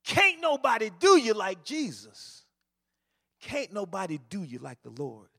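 Preacher doing a high, shouting street man calling out to strangers, echoey hall. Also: sing-song, moderate pace, exaggerated voice. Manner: loud, insistent shouting. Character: man shouting on a city street about the Lord.

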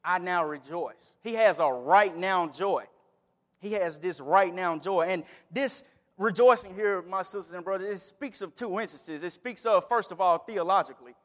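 A man's voice: high-pitched, normal speed, big-room sound. A man preaching a sermon in a church, reading scripture and then telling a story with rising, emphatic delivery. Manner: builds from calm reading to emphatic, raised delivery. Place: church sanctuary.

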